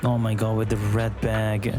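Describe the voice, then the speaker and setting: A young man casually commentating a game on a live stream, chatty and joking, gushing about character designs. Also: medium pitch.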